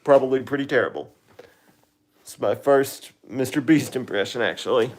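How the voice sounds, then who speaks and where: A man's voice: medium pitch, moderate pace. A man streaming live into his phone, chatting casually in a rambling, hesitant, self-deprecating way. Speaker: livestreamer.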